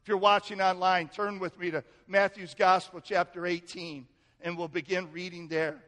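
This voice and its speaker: A male pastor preaching in a church, telling a family story with lively, animated delivery. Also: moderate pace. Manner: storytelling, animated, acts out family quotes with rising pitch. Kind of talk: sermon. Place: church sanctuary. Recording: echoey hall with long reverb.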